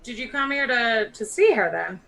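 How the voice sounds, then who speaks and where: Brief: woman playing a nervous male drow guide, put-on Australian accent, hesitant, soft-spoken. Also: a little high, expressive, normal speed, gravelly. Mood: curious. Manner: hesitant, repeats himself.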